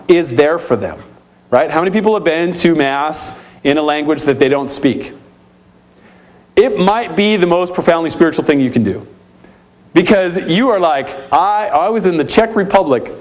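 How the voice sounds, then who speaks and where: A man's voice: a little high, darkish tone. An American man presenting at a youth ministry conference, emphatic and repeating key points while asking the audience questions. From United States. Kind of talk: conference keynote talk. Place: conference center hall.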